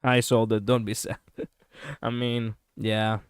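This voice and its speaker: A man streaming a game, commenting casually in an excitable, profane, ranting way on a close mic. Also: on the low side, takes it slowly, clear, resonant tone, no room sound.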